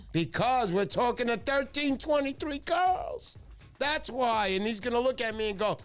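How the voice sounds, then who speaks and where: A middle-aged man hosting a casual livestream, telling excitable stories and acting out the voices of the people in them. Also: very high voice, normal speed, clear, resonant tone, faint music behind. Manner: excitable storyteller, acts out voices in his stories. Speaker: livestream host.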